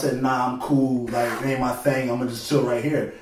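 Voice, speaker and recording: A young man tells stories in a loose, laid-back way at a mid pitch. He sits well back from the mic in a very echoey room, with faint noise underneath. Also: little pitch movement, normal speed, recorded from a distance. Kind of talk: casual storytelling chat.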